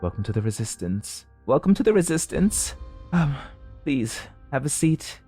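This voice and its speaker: A man voicing a weary, gentle woman of a resistance, explaining softly in a higher voice. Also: big pitch swings, normal speed, breathy edge, soft background music.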